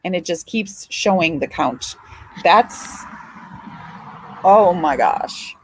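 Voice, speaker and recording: Woman host, grandmother, casual live chat, drawn-out unhurried delivery, heartfelt and talkative. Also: lowish voice, lively intonation, slight background noise, low-quality recording. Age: older. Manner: emotional, chatty, swears and apologizes. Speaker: livestream host.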